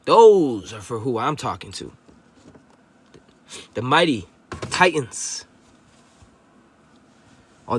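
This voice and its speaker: A fired-up man, preaching spiritual talk straight to a livestream audience. His voice sits a bit higher than most men's, and he swears freely, calls people bro and dares his listeners to argue back. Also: fairly bright tone. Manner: profane, confrontational, preachy, addresses viewers as bro. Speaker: livestream host.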